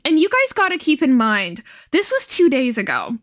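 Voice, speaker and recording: A woman's voice: sits high, huge pitch swings, normal speed, fairly bright tone. A woman in her twenties chatting casually on a livestream, talking with her mouth held nearly closed because her lips are sore and blistered, in a rambling way full of fillers. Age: 20s. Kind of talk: casual chat stream.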